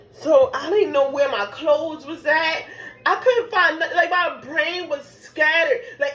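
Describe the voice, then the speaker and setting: A young woman telling a chatty, animated storytime for her vlog. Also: sits high, lo-fi sound. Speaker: vlogger. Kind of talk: storytime chat. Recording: echoey room.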